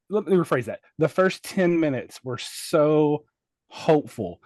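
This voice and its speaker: A man's voice: medium pitch, a little mellow, dry recording. A man co-hosting a podcast, ranting in casual chat about a film he hated, exasperated and profane. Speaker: podcast co-host.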